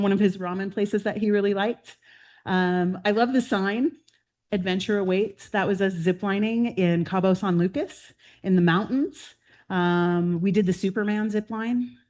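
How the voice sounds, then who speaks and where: A woman in her fifties, president-elect of a club, talking casually and warmly through family photos at a meeting, with frequent "um"s. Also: mid-range voice, normal speed. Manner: chatty and heartfelt, with fillers and laughs. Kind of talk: personal slideshow talk to a club meeting. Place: meeting room.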